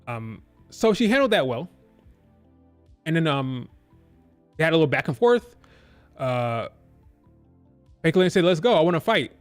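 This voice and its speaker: A man's voice: on the high side, big pitch swings, a little slow, long pauses, clean tone, soft background music. A man casually reviewing a wrestling show on a live stream, rambling with lots of fillers. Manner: rambling, filler-heavy, loose and conversational.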